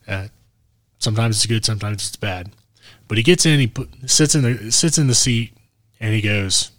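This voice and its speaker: A man's voice: mid-range voice, normal speed, no echo. Man telling a road story, dry close mic. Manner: animated, acts out quotes of others. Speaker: podcast co-host. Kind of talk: casual storytelling.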